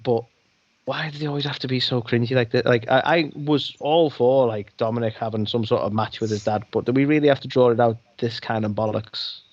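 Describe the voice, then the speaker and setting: A man's voice: mid-range voice, a little fast, dry recording. Man, podcast co-host, ranting and sweary, dry close sound, slightly dull audio. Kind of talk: casual podcast chat.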